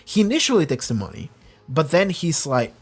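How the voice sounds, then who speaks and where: A man's voice: on the high side, very animated, brisk, slightly rough, faint music behind. A man hosting a reaction channel, rambling through casual commentary with many restarts and acting out quotes. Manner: acts out quoted characters.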